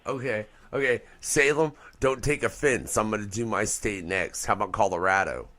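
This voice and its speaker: A man's voice: lowish voice, moderate pace, a bit bright. A man co-hosting a talk radio show, loose, joking and profane in casual banter.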